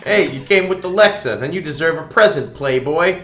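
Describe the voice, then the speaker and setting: Man reading cocky male band musician, game character, breezy, bright voice, fairly high. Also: animated, a little fast, soft background music.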